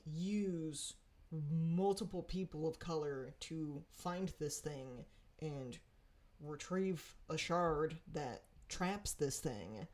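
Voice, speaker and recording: Young woman, low-ish voice, talks casually and animatedly, laughs a lot; a candid vlogger reviewing a show. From Pacific Northwest. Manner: animated, frustrated, laughs often.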